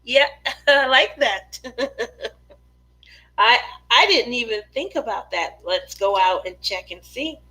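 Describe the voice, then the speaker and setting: Chatty craft-stream host, woman, high and bright with some vocal fry, giggles a lot. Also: animated, takes it slowly, pauses often, rough recording. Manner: chatty and giggly, laughs often. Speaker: craft channel host reading live chat. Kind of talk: casual live-stream chat.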